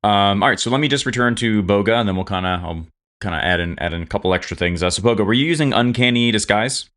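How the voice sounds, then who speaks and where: Man running a tabletop game, deep and smooth, loose rambling narration. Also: fast, fairly bright tone. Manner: rambling, many fillers. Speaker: game master.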